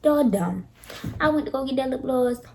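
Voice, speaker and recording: A young woman with a fairly high voice tells a storytime tale straight to her viewers. She is casual and animated, leaning into the drama of every twist. A soft hiss of faint noise sits under her voice at home. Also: moderate pace, gravelly. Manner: animated, dramatic retelling, addresses viewers directly. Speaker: vlogger.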